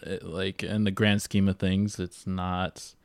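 A man's voice: low voice, flat delivery, slow, creaky, no room sound, clean studio sound. A man on a casual podcast who talks hesitantly, trailing off with many fillers. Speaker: podcast co-host. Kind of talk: casual chat.

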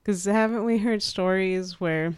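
A woman's voice: medium pitch, unhurried, smooth, no room sound, clean studio sound. A woman co-hosting a casual podcast, giving plainspoken opinions. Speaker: podcast co-host. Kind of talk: casual chat.

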